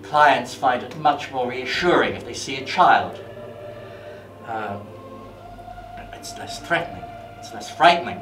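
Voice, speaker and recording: An actor playing a dry-humoured male Grim Reaper in a stage monologue, low and wry. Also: lively intonation, a little slow, close to an everyday voice. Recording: distant echoey stage with music.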